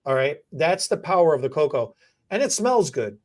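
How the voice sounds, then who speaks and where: Joking podcast host talking shop, rambly, keeps restarting sentences, goes full infomercial. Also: moderate pace. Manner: animated, joking, rambling with restarts and repeated words; mock infomercial pitch. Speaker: podcast host and stylist educator. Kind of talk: casual podcast chat.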